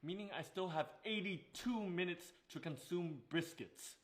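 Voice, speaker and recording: A man acting a calm, endlessly hungry diner in a comedy skit, deadpan delivery. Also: sits high, normal speed, natural voice. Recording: roomy echo.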